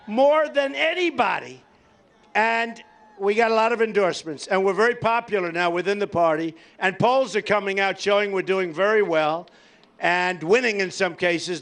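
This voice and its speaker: An older political candidate addresses a cheering crowd in a large rally venue, his voice very high for a man and marked by vocal fry. He boasts, rambles, and keeps returning to the same points, sometimes shouting out to the crowd.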